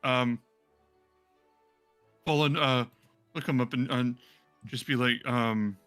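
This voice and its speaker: A man narrating as game master of a tabletop game, rambling with many pauses and restarts. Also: mid-range voice, fairly even intonation, fairly bright tone, clean tone, faint music behind.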